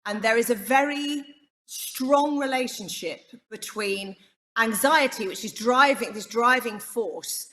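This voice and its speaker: Measured woman in a reverberant room. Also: a little high, a bit bright. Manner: measured, explanatory. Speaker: panelist. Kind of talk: panel discussion.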